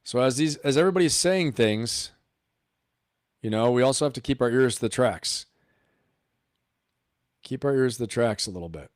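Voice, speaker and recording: A man's voice: medium pitch, lively intonation, normal speed, pauses often, no room sound. Male live-stream host, emphatic and riffing, dry close sound. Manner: emphatic, riffing, full of rhetorical questions. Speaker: political commentary host.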